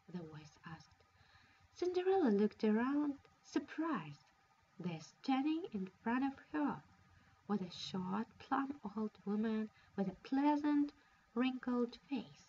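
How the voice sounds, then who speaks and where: Slow, expressive woman reading a fairy tale. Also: medium pitch, breathy edge. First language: Russian. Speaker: storyteller. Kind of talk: storybook reading. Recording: dull lo-fi recording.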